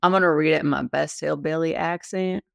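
A woman co-hosting a casual panel show, chatty and quick to laugh, with many fillers. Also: deep voice, steady tone, vocal fry, dry recording, studio quality. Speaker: podcast co-host.

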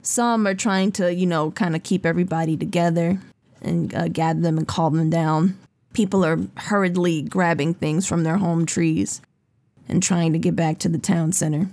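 A woman game master narrating a tabletop game in an unhurried, descriptive way with many fillers. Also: lowish voice, steady tone, darkish tone, no room sound.

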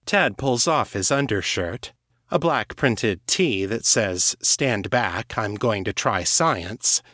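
A man narrating a first-person audiobook story in a measured, even reading. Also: lowish voice, no echo, studio quality.

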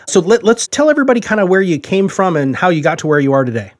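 A man hosting a podcast talks quickly and casually, with a fairly high voice. He chats through his introductions with loose fillers. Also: big pitch swings. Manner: fast, chatty introductions. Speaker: podcast host. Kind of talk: podcast interview.

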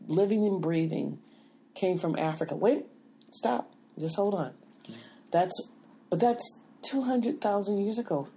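A woman's voice: medium pitch, warm tone. A woman hosting a casual podcast chat, holding the floor insistently and asking to finish her point. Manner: insistent, keeps the floor with "wait a minute". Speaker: podcast host.

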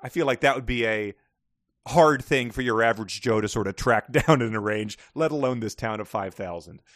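A man's voice: mid-range voice, moderate pace, fairly bright tone, dry recording, clean studio sound. A man co-hosting a casual book-discussion podcast, wry and joking, often breaking into laughter. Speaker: podcast co-host.

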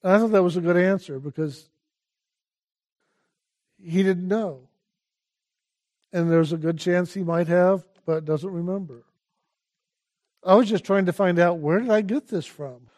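An older man giving a calm, unhurried spiritual talk as a teacher, urging listeners to pay attention again and again. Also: high-pitched.

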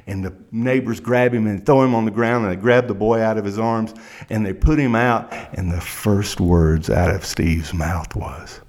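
A man's voice: fairly low pitch, moderate pace, a little mellow. A man with a Kentucky accent, a criminal defense lawyer, telling a courtroom story in a dramatic present tense.

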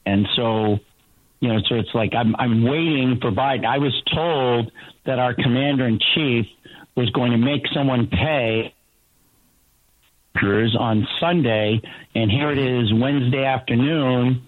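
A man guesting on talk radio over a remote line, earnest and halting. His voice is thin and phone-like and completely dry. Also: medium pitch, dry recording. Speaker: reporter and political analyst guest. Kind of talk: casual talk radio chat.

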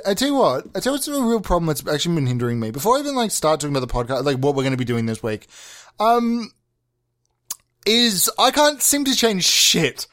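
A crude, incredulous prime minister, as a young man plays him, rambling in a loose comedy bit. The voice sits a little high for a man, full of casual swearing and disbelief. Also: a bit bright. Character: crude, bewildered new male prime minister. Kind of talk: improvised comedy monologue.

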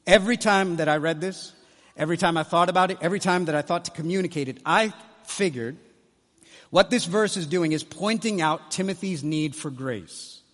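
High-voiced preacher in a reverberant hall. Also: male voice, normal speed, fairly bright tone. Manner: emphatic, repeats key phrases. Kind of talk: sermon. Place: large conference hall.

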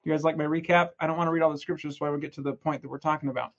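A young man giving a casual, energetic scripture lesson, retelling stories in a chatty, playful way. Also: a little high, racing, muffled recording. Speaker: scripture study presenter.

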